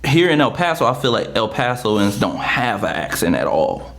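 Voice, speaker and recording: A man's voice: mid-range voice, big pitch swings, moderate pace, fairly bright tone. A man hosts a casual podcast interview. He stalls and circles with frequent fillers before landing on his questions, which keeps his delivery loose and easygoing. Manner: hesitant, full of fillers like okay and all right. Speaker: podcast host.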